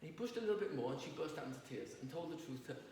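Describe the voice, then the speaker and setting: Rabbi lecturing a class, fairly high voice, heard from across a very echoey hall. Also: male voice, expressive, rapid-fire, a little mellow. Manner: storytelling, asks the audience questions. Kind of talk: Torah lecture to an audience. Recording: roomy distant recording with faint noise.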